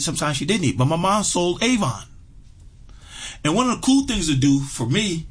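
A man's voice: a little high, a little hiss or hum. A middle-aged man telling a heartfelt personal story, earnest, with lots of fillers and repeated words. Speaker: interview guest.

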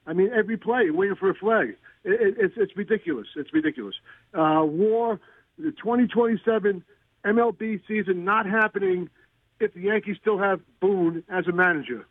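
A man phones in to a sports talk show, exasperated, repeating himself as he complains. His voice is high and husky. The phone line is tinny and dry. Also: moderate pace, no room sound. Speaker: caller.

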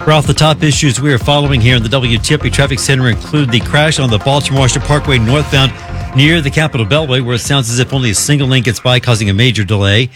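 A man's voice: mid-range voice, music in the background. A male traffic reporter rattling off road incidents on the radio. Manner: rapid, steady listing.

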